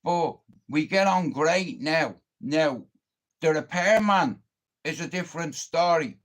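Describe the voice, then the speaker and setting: A fairly high-voiced Irish man rants to his livestream about a neighbour and a repairman. He swears constantly and talks in a boastful, combative way. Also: expressive, slow pace. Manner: heavy swearing, confrontational, boastful. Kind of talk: casual storytelling rant.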